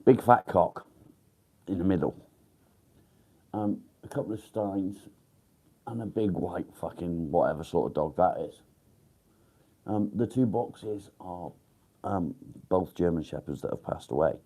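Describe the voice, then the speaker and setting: Livestream host: man, deep, slow and groggy, dark muffled tone, rambling delivery. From England. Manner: groggy, rambling, mumbled fillers and swearing. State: groggy, just woken up. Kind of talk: casual live-stream chat.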